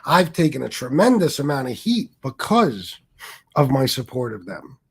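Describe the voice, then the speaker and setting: A man's voice: medium pitch, sing-song, moderate pace, creaky, slightly rough. A middle-aged man hosting a livestream, talking in a defensive, rambling, profane way. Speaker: livestream host. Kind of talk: casual livestream monologue.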